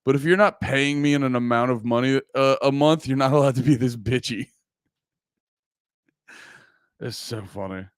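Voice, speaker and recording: A livestreamer on a close desk mic chats casually, brashly teasing his viewers and swearing often. His medium-pitched voice is clear and resonant, at a moderate pace with frequent pauses, in clean studio sound with no echo.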